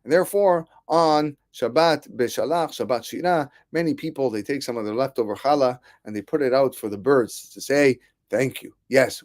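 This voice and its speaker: A rabbi teaching a weekly Torah class, telling midrash stories in a lively way and acting out the people he quotes. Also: mid-range voice. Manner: animated storyteller, acts out quoted voices.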